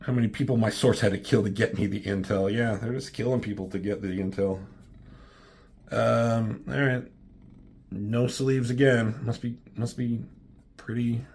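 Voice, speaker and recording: Man, comic reviewer, casual commentary, offhand, swears freely, middle pitch. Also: fairly even intonation, normal speed, a little mellow.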